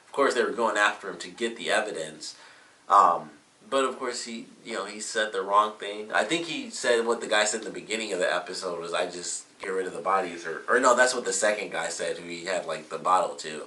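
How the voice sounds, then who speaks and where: Low-voiced dude rambling thru a tv episode review, kinda bright edge, sounds far from the mic. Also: male voice, brisk, a little hiss or hum. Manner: rambling, with many fillers and self-corrections. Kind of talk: casual solo review. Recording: roomy echo, mic at a distance.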